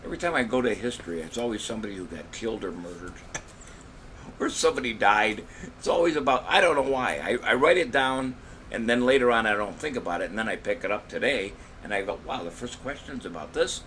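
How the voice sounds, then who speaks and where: A man hosting a casual trivia show, cracking corny jokes, rambling between questions and reading each question out slowly. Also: on the low side, animated, fairly bright tone, a little hiss or hum. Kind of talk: casual live-stream quiz hosting.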